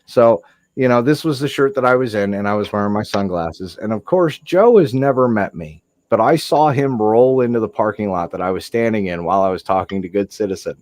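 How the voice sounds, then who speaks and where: A man's voice: on the low side, a little fast, no echo. A man hosting a stream, telling a funny story in a casual way and swearing often. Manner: animated, swears a lot, acts out quotes. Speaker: livestream host.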